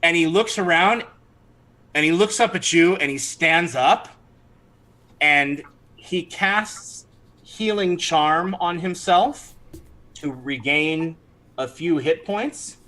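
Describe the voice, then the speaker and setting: A man's voice: a little high, slow, long pauses, sharp tone, poor audio. A man narrating a tabletop game as game master, chatty, with frequent restarts. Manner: chatty, with many restarts and fillers.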